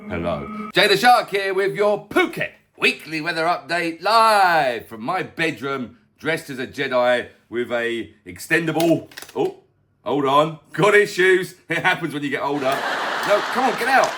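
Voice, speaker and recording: A middle-aged man hosting a casual weather update from his bedroom, goofy and self-mocking, full of excitable jokes and asides. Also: medium pitch. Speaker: weather vlog host. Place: bedroom at home.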